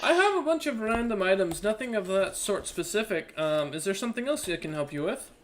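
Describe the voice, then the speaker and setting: A man's voice: high voice, lively intonation, a little fast, slight background noise, voice pushed up. A man voicing a courteous, slightly fussy young male dwarf shopkeeper in a tabletop game.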